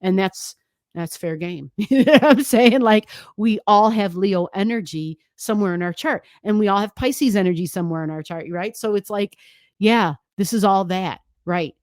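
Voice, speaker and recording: A woman's voice: medium pitch, normal speed, a little mellow, no room sound, studio quality. A woman astrologer giving a chatty, emphatic forecast, often adding "right?" as she goes.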